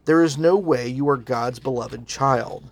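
A man's voice: mid-range voice, unhurried, creaky, dry recording. A man voicing Satan as a contemptuous, accusing male figure in a sermon. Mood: sneering.

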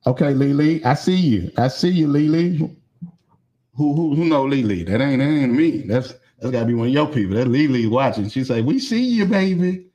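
A man's voice: medium pitch, moderate pace. A man hosting a podcast in casual chat, loose and joking. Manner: loose, joking, shouts out to viewers. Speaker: podcast host.

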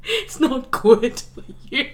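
A woman's voice: high-pitched, very animated, slow. A young woman, co-hosting a podcast in casual chat, laughing often and teasing. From Australia. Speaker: podcast co-host.

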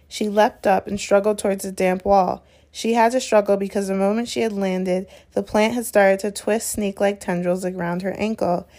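A woman narrates a novel at an even, unhurried pace with a middle-range voice. She now and then corrects a slipped word and carries on calmly. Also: mid-range voice. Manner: steady, unhurried narration with small self-corrections. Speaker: reader. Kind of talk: reading a novel aloud.

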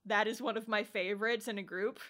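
A young woman co-hosting a casual podcast, retelling scenes in an animated way, laughing often and acting out characters' lines. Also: medium pitch, a little fast. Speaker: podcast co-host. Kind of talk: casual chat.

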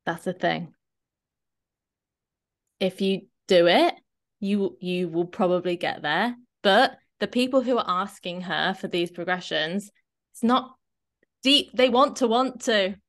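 A woman fitness coach co-hosting a podcast, chatting casually and often checking in with a quick "right?". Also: medium pitch. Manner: chatty, animated, often tags a questioning "right?".

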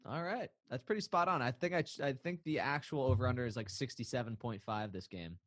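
A man's voice: medium pitch, fast talker, a bit bright, no echo. A man co-hosting a podcast in casual chat, playful and rambling, laughing often. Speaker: podcast co-host.

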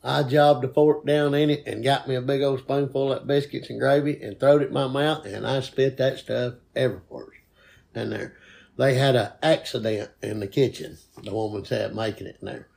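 A man's voice: medium pitch, moderate pace, vocal fry. A man, a comedian telling a road story in casual chat. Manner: animated drawling storyteller.

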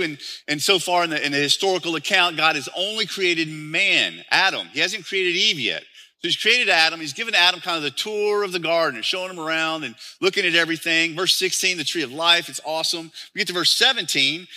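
Bright-voiced man preaching a sermon. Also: fairly high pitch. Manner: explains scripture with frequent rhetorical questions. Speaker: pastor.

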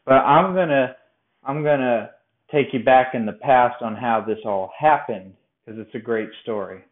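A man's voice: medium pitch, normal speed. Chatty young man on a tinny line. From Colorado. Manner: chatty, rambling, self-deprecating with frequent restarts. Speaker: podcast host. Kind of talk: casual faith testimony storytelling. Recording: tinny phone-like sound in an echoey room.

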